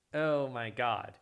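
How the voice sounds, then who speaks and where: Excitable livestreamer who repeats themself. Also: mid-range voice. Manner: excitable, repeats phrases, gasps and laughs. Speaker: livestream host reading chat. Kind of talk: casual livestream chat.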